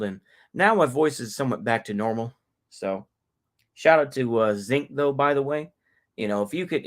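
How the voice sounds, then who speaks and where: A middle-aged man from North Texas, hosting a casual livestream and ranting in a rambling, profane way that keeps circling back to the same points. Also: medium pitch. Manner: profane, rambling, repeats himself. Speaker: livestream host.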